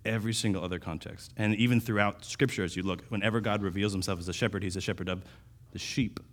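A man's voice: on the low side, fairly even intonation, quick pace. A man preaching a sermon in a conversational way, restarting phrases and rising in volume for emphasis. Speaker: pastor.

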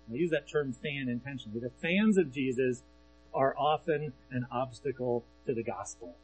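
Over a faint mains hum on a low-quality recording, a man with a voice on the high side delivers a conversational sermon. He frequently asks the audience "right?" and reads scripture aloud between his remarks.

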